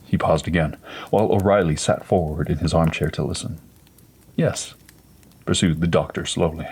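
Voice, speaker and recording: Low, husky male story narrator. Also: fairly even intonation, fairly quick, a little mellow. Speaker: narrator reading a story aloud.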